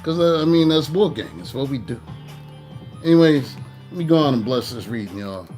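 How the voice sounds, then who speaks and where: A man's voice: mid-range voice, lively intonation, moderate pace, a little mellow, soft background music. A man hosting his own tarot channel, chatting in a laid-back, slangy, talkative way before leading a spoken blessing. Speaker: tarot reader and channel host. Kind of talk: casual chat and spoken blessing.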